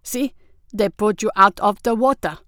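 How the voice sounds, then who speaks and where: A woman voicing a shrewd, cool-headed young man who speaks in a low, controlled, clipped way. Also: normal speed, a bit bright, no echo, studio quality, close to an everyday voice. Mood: placating. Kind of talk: audiobook character voice.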